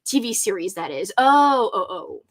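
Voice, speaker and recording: A woman's voice: medium pitch, sing-song, normal speed. A woman hosting a casual reading livestream, gushing and laughing often as she answers viewer comments. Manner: bubbly and gushing, laughs often, many "like" fillers.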